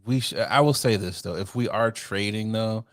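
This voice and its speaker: Give me a male podcast co-host, animated and laughing, with a dry close-mic sound. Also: fairly low pitch, normal speed, no echo. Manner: animated, laughs a lot, acts out quotes in put-on voices. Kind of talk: casual chat.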